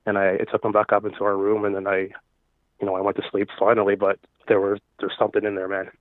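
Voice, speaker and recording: A man calling in to tell a ghost story, halting and nervous, full of fillers. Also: lowish voice, completely flat delivery, dry recording. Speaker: caller. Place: at home. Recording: tinny phone line.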